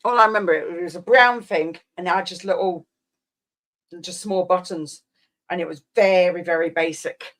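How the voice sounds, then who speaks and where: Chatting casually with her stream viewers, a woman in her fifties meanders through memories and tangents, frequently trailing off. Her voice is fairly low and a little bright, at a moderate pace.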